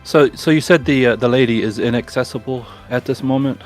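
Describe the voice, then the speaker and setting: A man speaking as a player in a tabletop game, eager and loud when he declares his actions. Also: medium pitch, brisk, soft background music. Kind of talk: casual chat.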